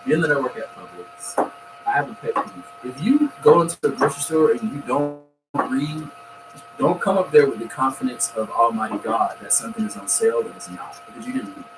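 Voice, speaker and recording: A man vents bluntly, his pitch swinging up and down as he talks. He sits far from the mic in an echoing room. A layer of noise runs underneath. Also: lively intonation, brisk. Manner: blunt, exasperated venting. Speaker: podcast co-host. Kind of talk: casual chat.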